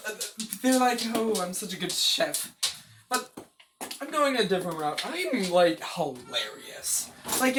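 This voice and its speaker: A woman's voice: medium pitch, background noise. A young woman hosting a home cooking video, rambling, joking at her own expense and swearing freely. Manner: rambling, self-mocking and profane. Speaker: home cooking show host. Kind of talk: joking casual cooking vlog. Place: home kitchen. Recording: kitchen clatter of dishes and cutlery.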